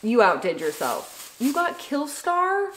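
A young woman vlogging at home, chatting excitedly as she unboxes gifts and gushes over them. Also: high voice, slow, background noise. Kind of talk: casual unboxing vlog.

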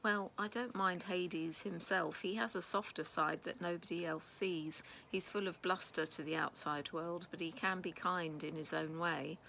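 Lady putting on a sad young goddess voice, soft and pleading, higher and lighter, bit of fry, storybook. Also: steady tone, normal speed, hardly any pauses, a little hiss or hum, low-quality recording.

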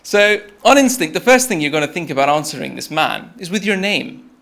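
A young man with a noticeably high voice gives a TED-style talk. He tells a story in a relaxed, conversational way and keeps speaking straight to his listeners as "you". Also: fairly quick, vocal fry.

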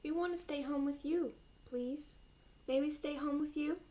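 A woman's voice: high-pitched, steady tone, moderate pace, warm tone, pitched above the performer's own voice, close to an everyday voice. A woman voicing a frightened young boy raccoon in a children's storybook, pleading and worried.

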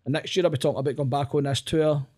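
Glaswegian man, comedian guest, quick sweary self-mocking chat, slightly high voice. Casting note: rapid, profane storyteller. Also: fairly even intonation, a little mellow. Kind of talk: casual podcast chat.

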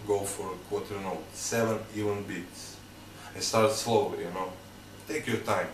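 A man teaching drum sticking patterns, counting beats aloud in loose, halting phrasing. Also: sits low, steady tone, slight background noise. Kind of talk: instructional demonstration. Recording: echoey room, mic at a distance, loud clatter.

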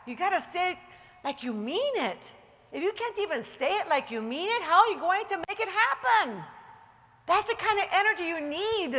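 A woman giving a motivational seminar talk to an audience, emphatic and rallying, easing into a slow guided relaxation. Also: sits high, a bit bright. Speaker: motivational speaker. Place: large seminar hall. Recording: reverberant hall recording.

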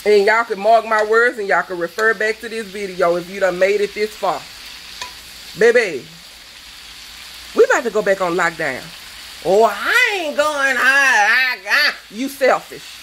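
A woman's voice: medium pitch, normal speed, a bit bright, a little hiss or hum, low-quality recording. A woman, a cooking show host, delivering a fervent, preachy rant that scolds her viewers. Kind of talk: impassioned vlog rant.

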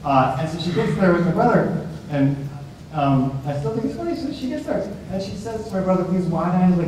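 A male professor with a fairly high voice, talking animatedly and restarting his sentences as he questions his class. He is picked up from a distance in a big lecture hall that echoes strongly around him, with a faint hiss underneath. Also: lively intonation, a little fast, darkish tone. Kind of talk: discussion-led class talk.

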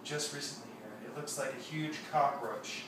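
A man's voice: medium pitch, moderate pace. A man co-hosting a vlog in casual, playful banter with his partner. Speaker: vlog co-host. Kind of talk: casual chat. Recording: echoey room, camera at a distance, noisy.

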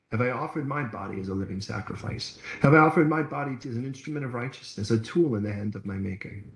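Animated preacher man in an echoey room. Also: on the low side. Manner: conversational, animated storytelling preacher. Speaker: pastor. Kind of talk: sermon. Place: church hall.

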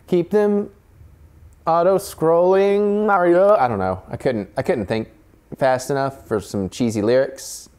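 Playful man with a lively voice. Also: mid-range voice, normal speed. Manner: playful, jokey, reads on-screen text aloud. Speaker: video game channel host. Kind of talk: casual unboxing and gameplay commentary.

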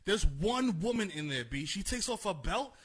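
Brief: man, high husky voice, slangy, easygoing storyteller. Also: sing-song, moderate pace, fairly bright tone. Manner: slangy, laid-back storytelling. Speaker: podcast guest. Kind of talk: casual chat.

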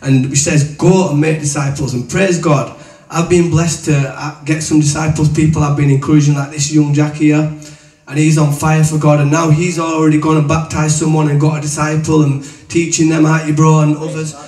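A man preaches in a loose, colloquial storytelling way, his voice sitting a little high. He is heard from some distance off the mic. The room around him rings with echo. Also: flat delivery, moderate pace, darkish tone. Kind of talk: testimony and teaching. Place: room with an audience. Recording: echoey room, voice from away from the mic.

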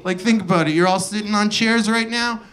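A male comedian doing a profane, incredulous stand-up rant on a club stage, breaking into shouted outbursts. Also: sits high, a little fast. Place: comedy club stage before a live audience. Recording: live club audience laughing. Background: audience laughter.

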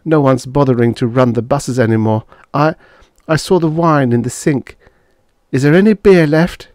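A man voicing a gentle, decisive young wife who speaks softly. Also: medium pitch, normal speed, no room sound, studio quality, pitched above the performer's own voice, natural voice. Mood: tender. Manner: soft and steady.

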